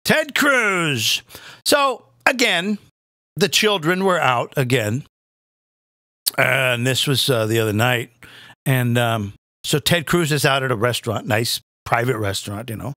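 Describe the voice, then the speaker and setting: A man's voice: medium pitch, lively intonation, measured pace, sharp tone, dry recording, studio quality. A man hosting a live comedic rant, crude, sarcastic and exasperated. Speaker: comedian host.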